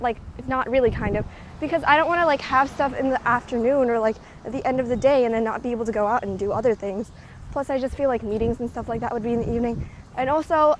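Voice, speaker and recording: Out on a walk, a young woman talks into a handheld recorder's clip mic for her vlog, slightly breathless and using lots of fillers as she rambles along. She has a high voice, and the sound quality is poor, with a bit of background noise.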